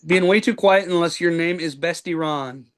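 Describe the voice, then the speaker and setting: A man's voice: fairly high pitch, normal speed, fairly bright tone. A man hosting a podcast, recapping a reality show in casual chat with plenty of ums and likes. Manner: rambling play-by-play recap with many ums and likes. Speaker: podcast host.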